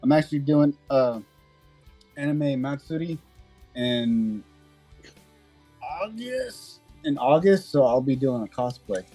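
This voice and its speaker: A man's voice: mid-range voice, expressive, slow pace, pauses often, dark tone, faint music behind. A man chatting casually on a live hobby show, a little hesitant as he talks. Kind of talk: casual podcast banter.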